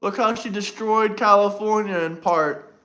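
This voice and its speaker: A man's voice: sits high, fairly even intonation, measured pace, pushed and bright. A man hosting a casual livestream, talking to his chat and teasing viewers in a mocking way. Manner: mocking, taunting chat banter. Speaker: livestream host.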